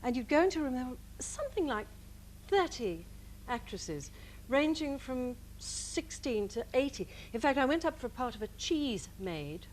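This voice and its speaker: A woman's voice: sits high, normal speed, slight background noise, rough recording. An English woman telling funny stories as a guest on a chat show, acting out the people in them. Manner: lively comic storytelling with put-on voices. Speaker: guest comedian.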